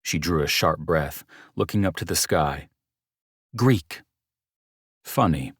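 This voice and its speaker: A man narrating a romance audiobook in the first person, his dialogue gruff and commanding. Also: a bass voice, moderate pace, a bit bright, no room sound, studio quality.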